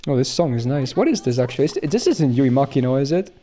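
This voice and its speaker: A man's voice: mid-range voice, sing-song, fast, dark tone. A young man from Finland chatting casually on a game stream, rambling and laughing as he answers chat.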